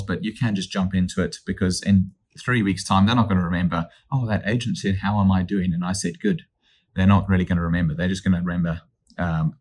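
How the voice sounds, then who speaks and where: A man, a real estate agent teaching cold calling in an upbeat, energetic way that acts out phone calls. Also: deep voice. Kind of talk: instructional talk.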